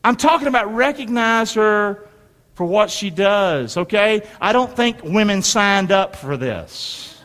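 A man's voice: high voice, expressive, unhurried, a bit bright. A middle-aged man preaching a sermon, emphatic, calling on his congregation to answer back. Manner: emphatic, call-and-response with congregation. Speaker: pastor. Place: church sanctuary. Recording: long hall reverb.

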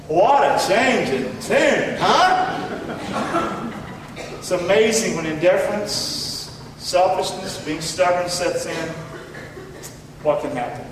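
A man preaching a sermon as pastor, animated, quoting scripture in dramatic voices and joking with the congregation. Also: high voice, slow pace, pauses often, noisy background. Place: church sanctuary. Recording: echoey hall, mic at a distance.

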